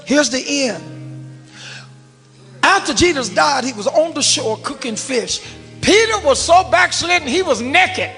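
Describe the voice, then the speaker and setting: A man preaching a sermon, talking back and forth with the congregation and swinging from shouts to low murmurs. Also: expressive, a little slow, pauses often. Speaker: pastor. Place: large church hall. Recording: church hall reverb with organ music.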